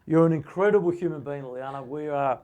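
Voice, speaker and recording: A man's voice: on the high side, darkish tone, dull audio. Encouraging male interview host. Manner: encouraging, quick affirming interjections. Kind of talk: live interview.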